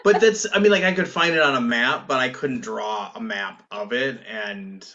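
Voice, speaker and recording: A man's voice: medium pitch, normal speed, pushed and bright. Hesitant man co-host, dull lo-fi sound. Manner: hesitant, rambling with fillers. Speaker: podcast co-host. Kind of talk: casual chat.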